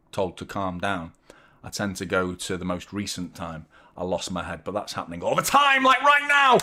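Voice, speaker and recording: An excitable man hosting a live football watchalong, jumping from low mutters to loud yelps. He jokes, swears and chats with his viewers as play unfolds. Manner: excitable, swearing, jokey fan banter, chatting to viewers. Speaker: watchalong host.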